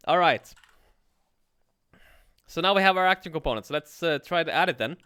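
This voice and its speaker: A man teaching coding on a livestream in a relaxed way, thinking aloud and swearing casually. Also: a little high, normal speed, smooth, dry recording. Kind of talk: casual live coding tutorial.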